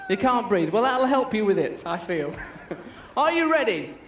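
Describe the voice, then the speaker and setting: Man, jokey game commentator, distant echoey mic, loud crowd behind. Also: high-pitched, unhurried. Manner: jokey, teasing, excitable. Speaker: game presenter. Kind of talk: lively outdoor game commentary. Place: outdoor sports field with crowd.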